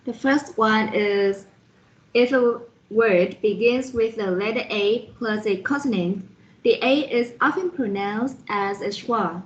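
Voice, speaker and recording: A woman with a fairly high voice walks through a phonetics lesson at a very slow, careful pace. She spells words out letter by letter as she explains them. The sound is dull and lo-fi. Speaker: student presenter reviewing a phonetics lesson.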